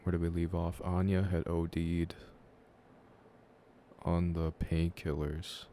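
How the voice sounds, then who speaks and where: A young man with a low, mellow voice talks loosely to his viewers while playing a story game. He chats in a relaxed, offhand way between reading the game's lines aloud. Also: slow, a little hiss or hum. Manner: relaxed chatter, reads game dialogue aloud. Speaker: streamer. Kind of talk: casual live-streamed game playthrough.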